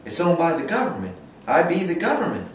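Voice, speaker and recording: A man's voice: on the high side, huge pitch swings, a little fast, a little hiss or hum, voice pushed up. A man putting on the voice of a smug, entitled male senator who speaks in a cocky, offhand way. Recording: echoey room, distant mic.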